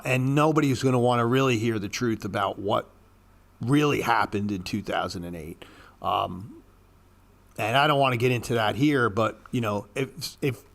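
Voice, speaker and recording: A man giving blunt, profane casual commentary on stock charts, ranting at panicked traders. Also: a bit bright. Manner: mocks panicked traders in a high squeaky voice. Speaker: market commentator.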